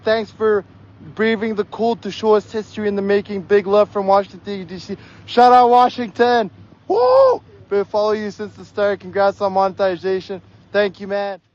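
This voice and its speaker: A hoarse young man livestreaming outdoors on a snowy street, excitedly yelling shout-outs to viewers. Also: high voice, moderate pace, dull audio. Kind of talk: live stream reading out viewer donations.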